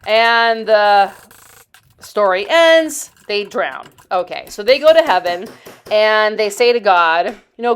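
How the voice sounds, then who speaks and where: A woman's voice: medium pitch, lively intonation, takes it slowly, smooth. A woman in her fifties hosting a DIY channel, telling stories in a rambling, chatty voice-over full of asides. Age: 50s. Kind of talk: casual storytelling voice-over.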